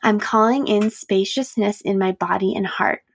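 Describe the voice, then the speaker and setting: Chatty woman podcaster with a creaky voice. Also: mid-range voice, moderate pace. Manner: candid and chatty, laughs often. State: tired and yawning. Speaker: podcast host. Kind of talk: casual solo podcast chat.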